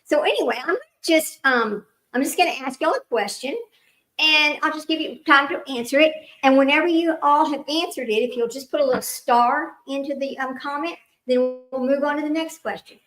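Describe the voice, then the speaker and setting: A woman's voice: sits high, normal speed, a bit bright, poor audio. A middle-aged woman hosting a casual trivia livestream, rambling and chatty, laughing often and talking straight to her viewers.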